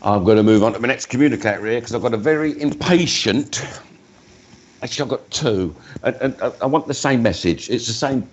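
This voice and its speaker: A man's voice: medium pitch, lively intonation, brisk, lo-fi sound. A man, working as a spiritualist medium at a live church service, talking in a chatty way and breaking off mid-sentence to address spirits. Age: 50s.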